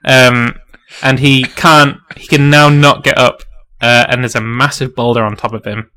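A man's voice: medium pitch, little pitch movement, normal speed, pushed and bright, smooth. A man running a tabletop game as game master, loose and chatty with lots of fillers.

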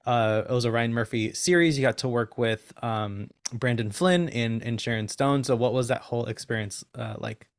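A man hosting a casual interview, asking relaxed questions with fillers. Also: medium pitch, moderate pace, hardly any pauses, no room sound, clean studio sound. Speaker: interviewer host.

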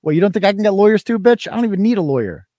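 A man's voice: high-pitched, animated, racing, mellow, dry recording, studio quality. A man with a Boston accent hosting a livestream talk show, ranting in a mocking, combative and profane way. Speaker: podcast host.

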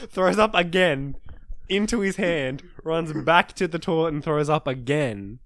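A man's voice: on the high side, slow. Young man telling stories with a laugh. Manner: animated, laughing, acts out friends' lines. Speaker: podcast co-host. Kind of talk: casual storytelling chat.

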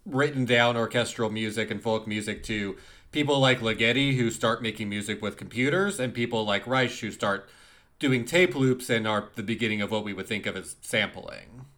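A man's voice: fairly low pitch, moderate pace, a bit bright. A man co-hosting a music podcast, talking casually with frequent laughter and repeated words. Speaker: podcast co-host. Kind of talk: casual chat.

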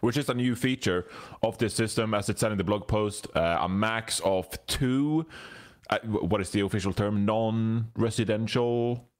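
A man hosts a relaxed esports panel chat in a fairly low voice. He talks with plenty of ums and restarts. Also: normal speed. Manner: hesitant, many ums and restarts. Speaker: podcast host.

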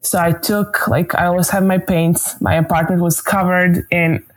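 A young woman tells her story as a podcast guest. She sits a little low in her pitch and keeps it loose and chatty, scattering "like" all through her talk. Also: moderate pace. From Croatia. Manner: chatty, animated, many "like" fillers. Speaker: guest, basketball player. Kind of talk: casual storytelling in an interview.

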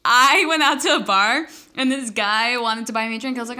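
A woman in her twenties chatting on a podcast, telling stories in an animated, expressive way with plenty of swearing. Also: a little high, a little fast. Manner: animated, expressive storytelling with profanity. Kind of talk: casual chat, storytelling.

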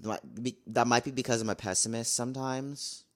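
A man's voice: medium pitch, brisk. A young man talking casually to camera in a vlog, blunt and exasperated, repeating his complaints. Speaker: vlogger.

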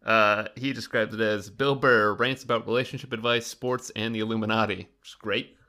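A man's voice: on the low side, level tone, fairly quick, sharp tone. A young man co-hosting a podcast in casual chat, laid-back and teasing. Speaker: podcast co-host.

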